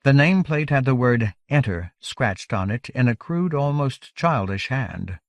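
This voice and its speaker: A man narrates a fantasy novel in a steady, measured way. His voice sits at an ordinary pitch for a man. The recording is dry and close. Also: dry recording. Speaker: audiobook narrator. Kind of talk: scripted narration.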